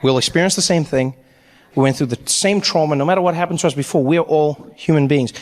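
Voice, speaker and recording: A man telling a story on stage as a stand-up comedian, animated and slipping into character voices. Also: a little high, fast, in a large hall.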